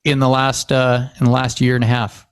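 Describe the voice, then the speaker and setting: A podcast host from Washington State chats casually, telling stories as an animated storyteller who acts out quoted dialogue and uses lots of fillers. His voice is mid-range and clean in tone, at a moderate pace.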